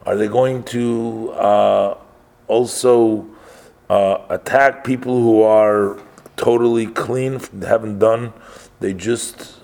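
A man's voice: on the low side, fairly even intonation, slow, creaky, darkish tone. A man voicing a distraught elderly mother who pleads and cries out in a raised voice. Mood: alarmed. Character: distraught elderly mother defying arresting police.

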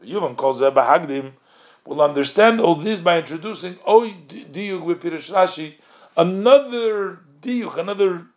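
A man's voice: a little high, creaky. A man teaching a text study lesson, reading Hebrew phrases and translating them as he poses questions. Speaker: Torah teacher.

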